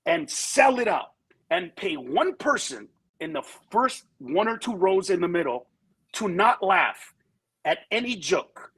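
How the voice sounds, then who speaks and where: A comedian guest on a talk show, telling candid stories and acting out the people in them. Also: male voice, high-pitched, measured pace, slightly rough, poor audio. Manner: animated storyteller who acts out voices in quotes.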